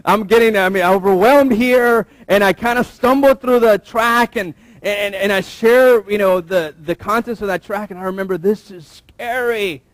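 A man in his thirties, a pastor, giving a relaxed conversational sermon, telling a personal story with fillers and restarts and posing rhetorical questions to the congregation. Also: high voice, moderate pace, few pauses, dry recording. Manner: self-deprecating, asks listeners rhetorical questions.

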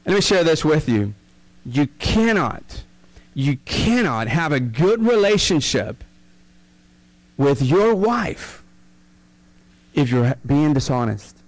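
Guy preaching, pretty high voice, animated and chatty, jokes around with the crowd. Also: slow, pauses often, poor audio. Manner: animated, conversational preaching with playful asides. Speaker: pastor. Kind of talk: sermon.

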